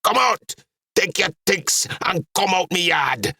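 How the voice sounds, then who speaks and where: Gruff Trinidadian dad, as a male narrator puts him on, low and gravelly, quick to bark out orders. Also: dry recording, studio quality, heavily acted. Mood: furious shouting. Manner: gruff, erupting into shouting. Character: blunt stern Trinidadian father, older man.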